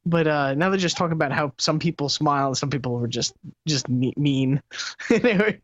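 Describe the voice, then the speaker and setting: A man's voice: on the high side, brisk, dry recording. A man co-hosting a casual late-night tech talk show. He rambles and laughs as he tells stories, with lots of restarts. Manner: rambling, laughing, animated storytelling. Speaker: co-host. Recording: dull lo-fi live stream audio.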